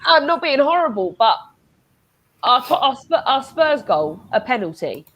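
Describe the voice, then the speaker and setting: A woman's voice: high voice, very animated, a little slow, highs cut off. A woman co-hosting a casual football watchalong, talking earnestly with lots of "like" and hesitations. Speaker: co-host of a watchalong.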